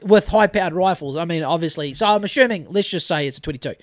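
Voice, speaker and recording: A man's voice: a little high, fast talker, no room sound, clean studio sound. A man in his thirties with a New Zealand accent, telling a rambling story on a casual podcast and swearing freely. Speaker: podcast host. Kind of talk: casual chat.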